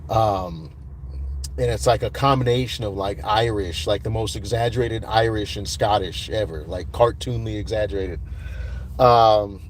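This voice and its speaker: A man's voice: on the low side, moderate pace, slight background noise. A man hosting a casual livestream outdoors at night, rambling with many fillers and greeting viewers by name. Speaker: livestream host.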